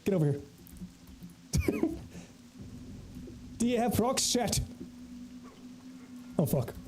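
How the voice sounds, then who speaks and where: His voice is very high, swinging hugely in pitch, drawing out words, and sounding a little mellow, with slight background noise behind it. He's a Southern-accented man from the American South, in the US, livestreaming a game and joking and rambling to his chat.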